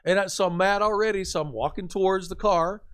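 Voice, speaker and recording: A man who is a pastor, talking about faith in an earnest, animated storytelling way with a preaching cadence. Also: high-pitched, a little fast, smooth. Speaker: pastor, podcast guest.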